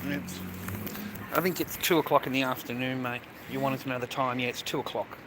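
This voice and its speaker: A man's voice: medium pitch, steady tone, fairly quick. A young man with an Australian accent, livestreaming from an outdoor city street and talking to his viewers in a laddish, swearing way. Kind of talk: live street-stream commentary. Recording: loud street traffic noise. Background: traffic and street ambience.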